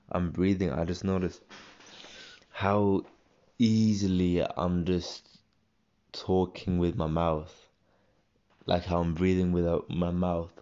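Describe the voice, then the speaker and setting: Young male podcast host, rambling and halting, deep fry-heavy voice, slightly dull recording. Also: mellow. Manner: rambling, halting, many restarts and fillers. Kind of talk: solo casual podcast monologue.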